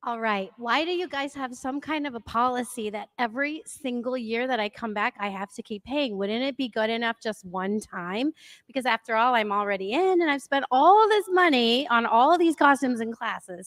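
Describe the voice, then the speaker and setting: A woman's voice: a little high, lively intonation, normal speed, no echo, close to an everyday voice. A woman playing a longtime studio parent who argues about paying fees again. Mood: complaining. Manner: whiny, reasoning. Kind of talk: role-play exercise.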